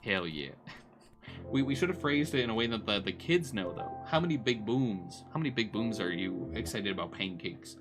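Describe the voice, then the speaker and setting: A man's voice: on the low side, lively intonation, moderate pace. Joking streamer man over game music. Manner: joking, laughing, playful. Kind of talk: casual let's-play commentary. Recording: music playing behind.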